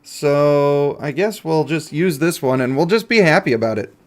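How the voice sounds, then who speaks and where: Jokey male gaming YouTuber, higher voice, rambling playfully while he plays. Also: expressive, moderate pace. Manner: playful, jokey, talks to himself and viewers. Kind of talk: casual gameplay commentary.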